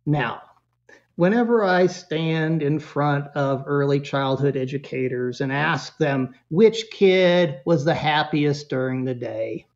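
Animated storytelling man, lo-fi sound. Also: on the high side, takes it slowly. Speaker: parenting expert guest. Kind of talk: casual interview conversation.

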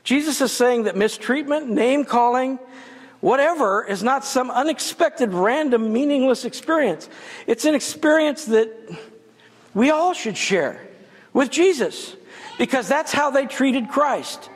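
With a very high-pitched voice, lively intonation and a measured pace, a guest preacher gives a chatty sermon with funny asides. Long church reverb fills the sanctuary.

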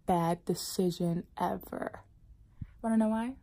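A woman vlogger casually telling a personal story to camera, animated and dropping into whispered asides. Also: fairly low pitch, takes it slowly.

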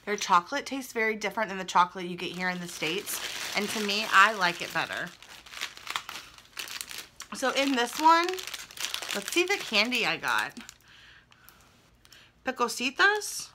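A woman's voice: mid-range voice, big pitch swings, normal speed, pauses often, noisy background. A young adult woman chatting casually at home as she opens fan mail, gushing and thinking aloud. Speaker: vlogger opening fan mail. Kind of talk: casual chat. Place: indoors at home.

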